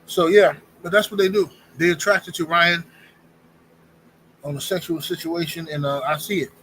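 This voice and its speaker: A man's voice: a little high, fairly even intonation, moderate pace, bright, forceful tone, slight background noise, rough recording. A man in his forties hosting a livestream, talking bluntly and slangily in casual commentary. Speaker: livestream host.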